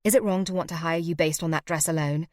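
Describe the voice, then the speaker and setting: A woman's voice: deep voice, fast, a little mellow, dry recording, clean studio sound, close to an everyday voice. A woman voicing a friendly, impish, stylish woman who talks in a chatty, breezy way.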